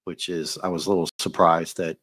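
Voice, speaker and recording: Man, low pitch, dry sound, casual chat, animated, joking. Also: a little fast, no room sound. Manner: animated, joking, drops into silly impressions. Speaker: comic review host.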